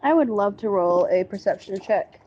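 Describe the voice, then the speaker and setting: A woman's voice: mid-range voice, animated, normal speed, darkish tone, soft background music. A woman player in a tabletop game who speaks eagerly and matter-of-factly. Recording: dull lo-fi mic.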